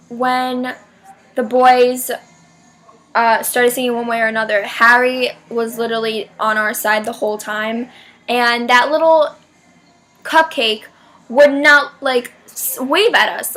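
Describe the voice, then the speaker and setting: A young woman vloggs to camera about a concert with breathless fan excitement. Her voice sits a bit high, and she keeps filling her sentences with "like". Now and then she jumps into loud squealing bursts. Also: measured pace. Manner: gushing fan, shrieks names in high bursts; heavy "like" filler, chatty and dramatic. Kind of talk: excited casual vlog storytelling.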